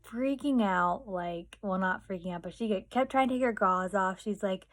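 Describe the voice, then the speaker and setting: A woman's voice: medium pitch, fairly quick. A young woman vlogging, telling family stories in a chatty way full of fillers and acted-out quotes. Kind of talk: casual storytelling.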